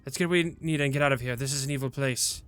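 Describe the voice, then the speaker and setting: A man's voice: medium pitch, fast, a bit bright, clear, resonant tone, soft background music. A man hosting a gaming video, thinking aloud in a hesitant way with frequent restarts. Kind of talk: gameplay commentary.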